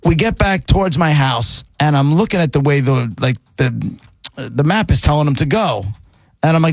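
A middle-aged man telling a long story in casual chat, animated and rambling, often checking in with the listener. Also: on the high side, fairly quick, dry recording. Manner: animated, rambling, repeats "right?".

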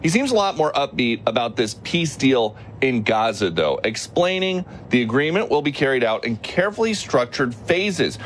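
A man filing a radio news report in a steady reporter's delivery. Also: medium pitch, normal speed, hardly any pauses, a little hiss or hum.

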